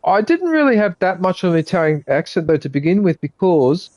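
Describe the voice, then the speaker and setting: A man's voice: high-pitched, sing-song, a little fast, a little mellow, no room sound. Rambling Australian man streaming a game. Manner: rambling, chatty, talks to viewers between game remarks. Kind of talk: casual live-stream chat while gaming.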